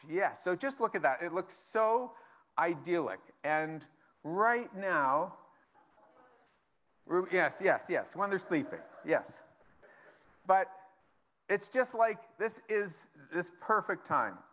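A male pastor delivers a relaxed, conversational sermon. His voice sits a little higher than most men's, and he moves easily between reading scripture aloud and chatting with the congregation. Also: slow pace, pauses often.

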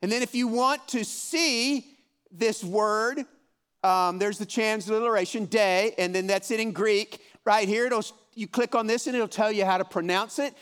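A man's voice: sits high, unhurried, fairly bright tone, smooth. A man in his fifties teaching a Bible study in a room with a live audience, speaking in an encouraging, folksy way and often repeating himself. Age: 50s.

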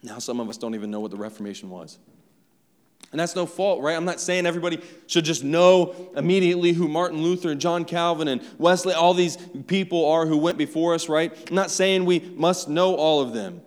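In a church sanctuary, a pastor preaches a conversational sermon straight to his congregation, his voice on the high side and a little fast. The long reverb of the church hall fills the recording.

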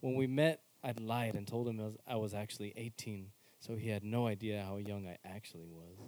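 A man's voice: fairly low pitch, steady tone, brisk, a little mellow, a little hiss or hum, low-quality recording. A man reading a news article aloud on a casual podcast, dropping wry asides between passages.

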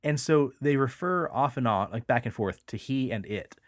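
A man's voice: mid-range voice, lively intonation, normal speed, no room sound, studio quality. A man hosting a podcast, telling a story in a casual, rambling way, with lots of fillers and the odd swear word. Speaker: podcast host.

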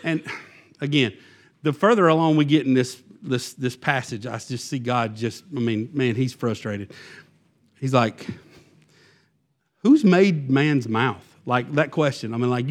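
A man's voice: medium pitch, normal speed. A man preaching a sermon in a loose, conversational way, full of fillers and restarts. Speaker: pastor.

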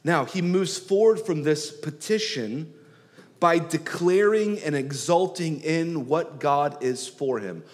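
A man preaching a sermon, rising loud on key phrases and dropping soft and slow to draw them out. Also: a little high. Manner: swells and drops in loudness for emphasis, slows on key words. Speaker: pastor. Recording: long hall reverb.

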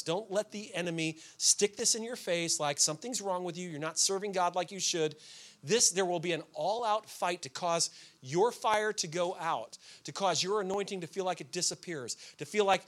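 A man preaching a sermon as pastor, telling everyday stories with sudden shouted outbursts. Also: high voice, moderate pace.

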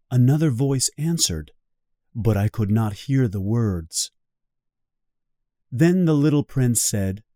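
A man reading a storybook aloud slowly and clearly for English learners. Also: mid-range voice, animated, dark tone, no room sound, studio quality. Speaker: reader of a guided English reading. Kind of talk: slow storybook narration for learners.

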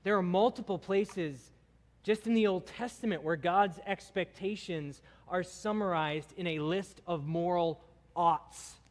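A man's voice: high-pitched, unhurried. A man preaching a sermon, emphatic and building intensity through his lists. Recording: long hall reverb.

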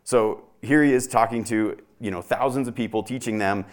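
A man's voice: lowish voice, moderate pace. Conversational man preaching. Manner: conversational preaching, reads scripture aloud, hushed in prayer. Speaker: pastor. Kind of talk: sermon.

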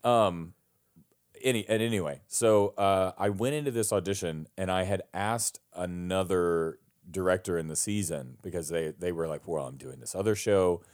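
A man's voice: low-pitched, normal speed, a little mellow. A man on a headset mic, telling a rambling, self-deprecating story in casual chat and laughing often.

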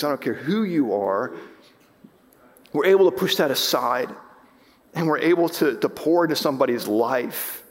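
A man's voice: a little high, big-room sound. A man preaching as pastor, impassioned, rising and falling with emphasis, often restarting his sentences. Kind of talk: sermon. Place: church sanctuary.

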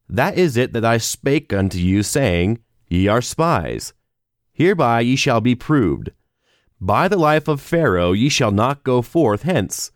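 Man, scripture reading, measured and steady, mid-pitched voice, dry close sound. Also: no room sound. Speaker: scripture reader.

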